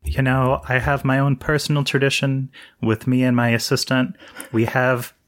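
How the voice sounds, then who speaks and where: A man playing a tabletop game, joking in a deadpan way. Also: mid-range voice, normal speed. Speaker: player.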